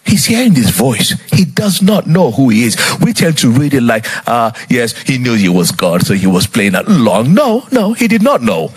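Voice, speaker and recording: A man's voice: mid-range voice, very animated, normal speed, few pauses, slightly rough. A man preaching a sermon, retelling a scripture story dramatically and putting rhetorical questions to his listeners.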